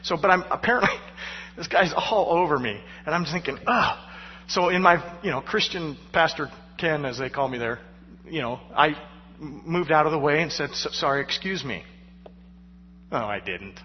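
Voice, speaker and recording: A male pastor preaching a sermon through personal stories, animated and poking fun at himself with frequent laughter. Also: a little high, moderate pace, a little hiss or hum. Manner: animated, self-mocking, laughing between lines. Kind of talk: storytelling sermon. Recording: dull sound with long hall reverb.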